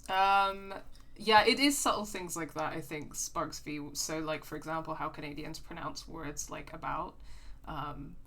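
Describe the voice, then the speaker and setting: A woman's voice: sits low, measured pace, fairly bright tone. A woman co-hosting a game stream, chatting casually with lots of fillers. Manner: chatty, many fillers and restarts, laughs often. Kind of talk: casual chat.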